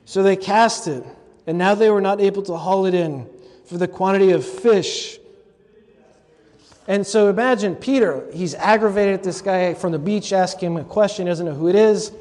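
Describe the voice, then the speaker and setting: A man's voice: high voice, normal speed, darkish tone. A man giving a conversational, humorous scripture lecture as a host, with asides to his audience. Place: large lecture hall at a convocation. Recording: long hall reverb from a live talk.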